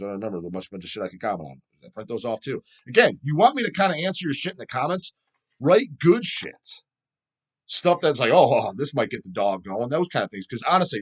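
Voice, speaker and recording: A middle-aged man hosting a metal channel, ranting profanely and answering viewer questions. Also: a little high. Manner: profane, animated, mocks people in put-on voices.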